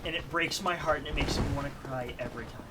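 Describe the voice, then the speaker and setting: A woman's voice: low-pitched, fast talker, heavy background noise. A woman streamer giving rambling, self-deprecating commentary while she plays a game, laughing often. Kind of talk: casual let's-play commentary.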